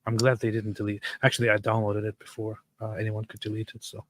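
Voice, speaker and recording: A man's voice: on the low side, completely flat delivery, fast. A man co-hosting a casual chat show and reading out viewer comments, talking sarcastically and laughing often. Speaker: co-host.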